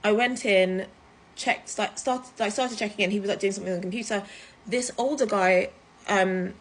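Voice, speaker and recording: A woman from the UK, telling a story to camera in a chatty, animated way, full of fillers. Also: medium pitch, moderate pace. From United Kingdom. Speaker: vlogger. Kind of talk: casual storytime vlog.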